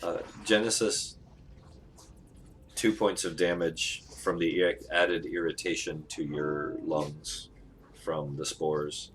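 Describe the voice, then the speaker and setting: A man narrating as game master of a tabletop game, relaxed and laughing often, with many ums. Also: extremely low pitch, slow, slight background noise.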